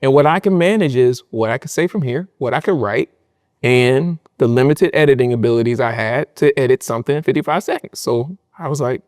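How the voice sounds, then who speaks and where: A young man in a casual interview, telling animated stories full of slang and acting out what people said to him. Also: medium pitch, brisk. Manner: animated storytelling, acts out quotes with slang. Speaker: guest, content creator.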